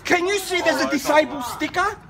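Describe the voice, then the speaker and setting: A man in his fifties, agitated, shouting and swearing in a heated parking argument. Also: extremely high pitch, lively intonation, a little fast, over a noisy crowd. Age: 50s. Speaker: driver in a parking dispute.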